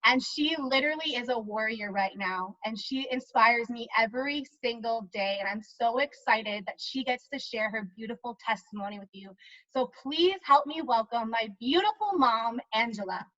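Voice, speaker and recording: Bright young woman hosting with feeling. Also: a little high, normal speed, no room sound. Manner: heartfelt, repeats key lines for emphasis. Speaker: event host. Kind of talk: emotional introduction. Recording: dull lo-fi audio.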